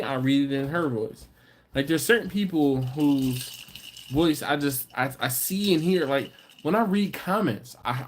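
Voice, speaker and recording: A man hosting a casual livestream, reading viewer comments aloud and joking with them. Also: medium pitch. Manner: joking, teasing, chatty, quick laughs. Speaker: livestream host.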